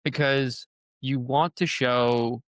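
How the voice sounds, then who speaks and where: Speaking slowly with fairly even intonation, a man with a mid-range, fairly bright voice hosts a casual long-form conversation as an author. There's no room sound, and he wanders as he thinks aloud, full of fillers.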